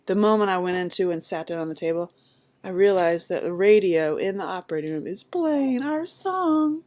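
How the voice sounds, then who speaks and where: A woman's voice: lowish voice, fairly quick. A woman in her thirties, casually telling her birth story and acting out the voices of the people in it. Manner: animated, acts out voices in quoted lines.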